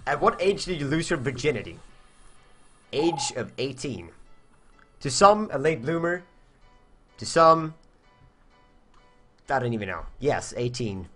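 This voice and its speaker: A man's voice: medium pitch, big pitch swings, unhurried, long pauses, a bit bright, soft background music. A young man from Sweden chatting casually on a live stream, answering viewer questions in a rambling way, searching for words and swearing.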